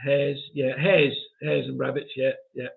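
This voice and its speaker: A man's voice: mid-range voice, flat delivery, measured pace, creaky. A man hosting a live stream, reading viewer comments aloud in a chatty, self-mocking way and chuckling often. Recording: tinny phone-like audio.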